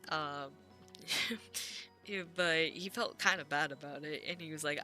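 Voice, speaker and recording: A woman with a low yet bright, forceful voice rambles through an episode recap, gushing, laughing and swearing casually. Faint music sits under her talk. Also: unhurried. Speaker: anime recap vlogger.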